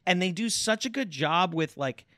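A man's voice: high voice, lively intonation, moderate pace, sharp tone, no room sound, clean studio sound. A young man, co-hosting a casual chat, rambling and laughing often. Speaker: podcast co-host.

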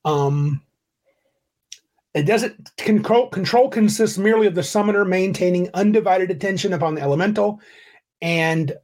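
Man, podcast host, casual game chat, rambling, slightly high voice, video call. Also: moderate pace, darkish tone. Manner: rambling, self-correcting, reads rules aloud.

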